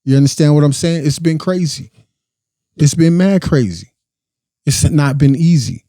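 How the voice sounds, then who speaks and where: A man's voice: fairly high pitch, expressive, moderate pace, warm tone, dry recording. A young adult man hosting a podcast, giving a blunt, profane, impassioned casual monologue. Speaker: podcast host.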